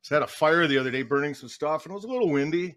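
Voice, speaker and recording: This time he races along in a fairly high, fairly bright voice. The middle-aged podcast guest keeps the chat casual, recounting stories bluntly and performing other people's lines, all on a studio mic with no room sound.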